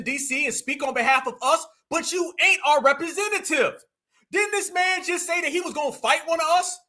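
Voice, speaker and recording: A man's voice: very high voice, bright, forceful tone. A man hosting a political livestream, delivering a fiery, preachy rant and repeatedly calling his audience family. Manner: preachy, repetitive, calls audience fam. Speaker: livestream host.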